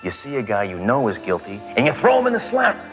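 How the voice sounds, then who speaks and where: A man's voice: mid-range voice, huge pitch swings, fast talker, music in the background. An actor playing a brash, boastful male police detective with a blunt, smug manner. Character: brash trigger-happy male cop, smug.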